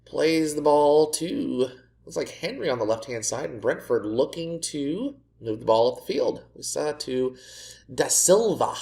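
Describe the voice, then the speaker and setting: A man's voice: mid-range voice, creaky, a little mellow. A man commentating as he plays a football management game, sarcastic and exasperated, often ranting at his own team. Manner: sarcastic, exasperated self-mocking rants. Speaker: gaming video creator. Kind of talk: let's play commentary.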